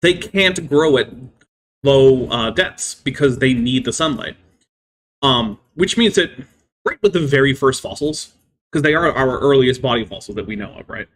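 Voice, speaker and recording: A man's voice: medium pitch, animated, moderate pace, a bit bright. A man hosting a live stream, explaining science at length with many "I mean" fillers. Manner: careful, lecturing explanations. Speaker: livestream host.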